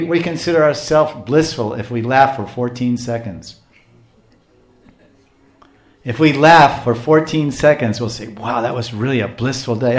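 A man giving a devotional talk, telling stories in a lively way, dropping to a hush and rising to loud bursts, laughing often. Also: mid-range voice. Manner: animated, swings from hushed to loud, laughs often. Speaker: spiritual speaker. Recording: echoey room.

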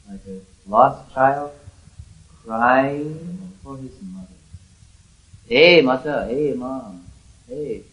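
A man teaching a devotional lecture to a small audience, earnest, moving from loud calls to hushed pleading. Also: medium pitch. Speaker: spiritual teacher. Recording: roomy, slightly dull recording.

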